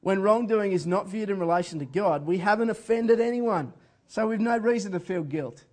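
A man's voice: sits high, moderate pace, a little mellow. A man preaching a sermon in an earnest, conversational way, often chuckling as he speaks. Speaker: pastor.

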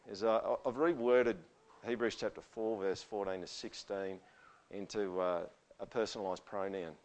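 Emphatic male pastor preaching a sermon. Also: lowish voice. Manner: conversational, frequent tag questions; emphatic, swings from quiet to forceful. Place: church service.

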